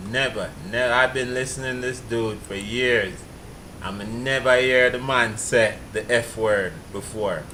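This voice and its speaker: A man's voice: mid-range voice, steady tone, unhurried, sharp tone, a little hiss or hum, low-quality recording. A man, chatting casually as a vlog host reacting to a clip, laid-back and amused.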